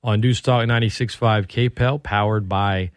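A man's voice: fairly low pitch, fairly even intonation, a little fast, clear, resonant tone, dry recording, studio quality. A man hosting a sports radio talk show, chatting loosely and reading plugs and promos for upcoming shows. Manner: conversational, reads station plugs and promos.

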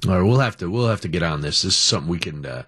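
Man, middle-aged, radio host, jokey, opinionated, lively intonation. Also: low-pitched, rapid-fire, breathy edge. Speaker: radio talk show host. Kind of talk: casual radio talk.

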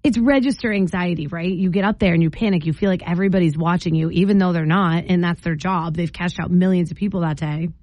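A woman hosting a morning radio show, telling a story in a chatty, animated way with playful asides, speaking into a studio microphone. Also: fairly low pitch, quick pace, few pauses, dry recording, muffled recording. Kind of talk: casual on-air chat.

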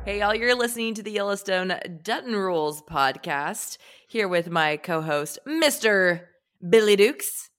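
Woman, head cold, raspy, chatty podcast co-host, casual. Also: mid-range voice, lively intonation, a little slow, a bit bright. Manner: chatty, uses y'all and filler words. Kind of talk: casual chat.

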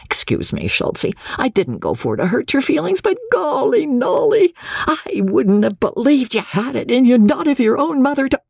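A man voicing an excitable little showboat captain who gushes and exclaims. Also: extremely high pitch, normal speed, gravelly, breathy edge, dry recording, clean studio sound, voice pushed up, heavily acted. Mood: excited. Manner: gushing, exclaiming.

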